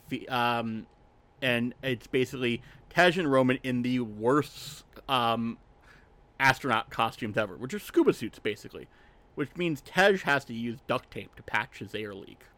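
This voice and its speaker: A male podcast host recaps a film in loose, rambling chat. He piles up "like"s and throwaway jokes at a mid-range pitch. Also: measured pace, fairly bright tone, no room sound. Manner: rambling, filler-heavy, joking recap. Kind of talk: casual chat.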